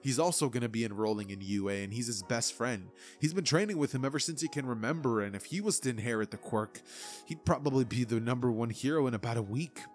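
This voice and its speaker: A man's voice: mid-range voice, fast, faint music behind. A young man narrating a fan-made anime what-if story in a casual, rambling way.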